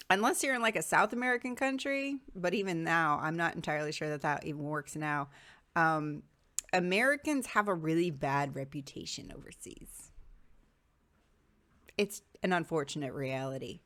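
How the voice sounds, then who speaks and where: A woman vlogger talking to her viewers in a casual, reflective monologue, thinking aloud and pausing often on "um". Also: low voice, fairly bright tone.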